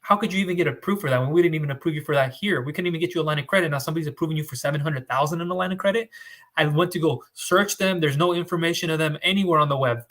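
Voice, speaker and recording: A man's voice: on the high side, fairly bright tone. A man who works as a business loan broker, talking straight to his audience in an emphatic, repetitive, conversational way. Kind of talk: direct-to-camera advice talk.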